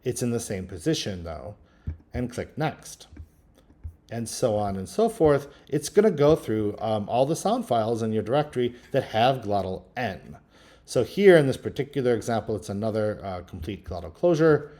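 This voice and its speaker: A man teaching linguistics, talking through a screen-recorded software tutorial in a relaxed, thinking-aloud way with frequent ums. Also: on the low side, moderate pace. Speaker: linguistics instructor.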